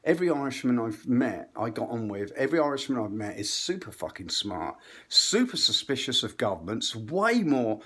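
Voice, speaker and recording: A man's voice: mid-range voice, big pitch swings, moderate pace, a bit bright, slightly rough. An English man telling a rambling, profane story in a stand-up style, often interrupting himself. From England. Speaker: comedian.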